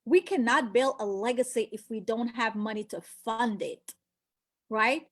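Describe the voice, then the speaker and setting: Middle-aged woman with a high voice; an emphatic recruiter who leans on rhetorical questions. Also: a little slow. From born outside the US. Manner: emphatic, repeats key phrases, asks rhetorical questions. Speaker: recruiter for a financial business. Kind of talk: motivational sales pitch.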